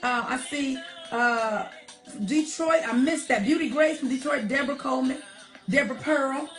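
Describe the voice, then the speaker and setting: A woman's voice: high voice, moderate pace, soft background music. A woman hosting a live online show, chatting casually and affectionately with viewers, calling them darling and honey and saying y'all a lot. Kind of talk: casual livestream chat reading viewer shout-outs. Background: R&B song playing softly.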